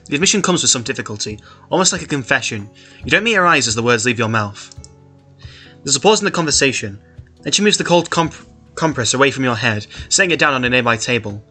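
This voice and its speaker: A man's voice: medium pitch, expressive, quick pace, sharp tone, faint music behind. A man casually reading a story aloud and stopping often to comment on it. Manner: chatty, laughs often, comments between passages. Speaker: reader of an online story.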